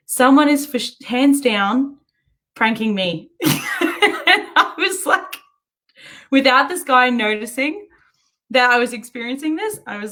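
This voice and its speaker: A woman hosting a show, telling a story in a chatty, animated way and often breaking into giggles. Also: a little high. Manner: chatty and animated, self-interrupting. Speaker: host. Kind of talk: casual storytelling monologue.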